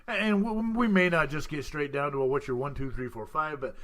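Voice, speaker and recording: A man's voice: fairly high pitch, moderate pace, a bit bright. A man hosting a casual podcast, joking with his co-hosts and filling gaps with "uh" as he talks. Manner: joking, laughs often, many fillers. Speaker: podcast host.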